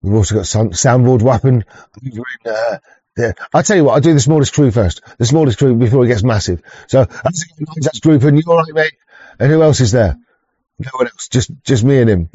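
A man's voice: medium pitch, animated, fairly quick, mellow, slightly rough, no room sound. A man, hosting a livestream in a rambling, profane chat with lots of restarts, heard through a dull lo-fi mic. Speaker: livestream host.

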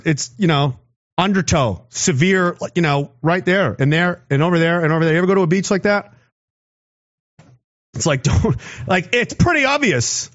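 A man with a high voice rambles sarcastically through a casual monologue. His pitch swings animatedly from line to line, and he swears and laughs freely. The recording sounds dull and lo-fi. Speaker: commentator.

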